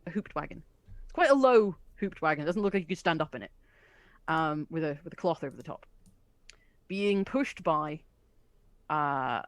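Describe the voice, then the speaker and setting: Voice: medium pitch, dry recording. Gm narrating a tabletop game, chatty, lots of ums, dry mic. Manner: descriptive and chatty, with frequent fillers and laughter. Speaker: game master.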